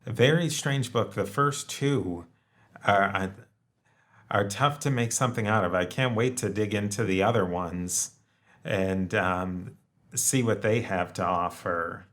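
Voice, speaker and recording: A man with a low voice hosts a podcast conversation. He speaks casually and haltingly, often pausing on "um" and "uh" and restarting his sentences. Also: a bit bright. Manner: halting, many fillers and restarts. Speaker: podcast host.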